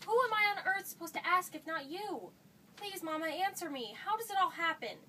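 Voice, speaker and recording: A woman's voice: very high-pitched, animated, fairly quick, sharp tone, full character voice. An actress playing an eager, insistent fourteen-year-old girl who presses her mother for answers, recorded from a distance. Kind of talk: stage play acting. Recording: distant mic with faint noise.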